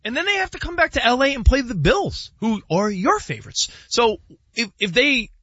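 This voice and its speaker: A man on a sports talk show, animated, laughing and arguing his point. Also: very high voice, moderate pace, breathy edge, no echo, lo-fi sound.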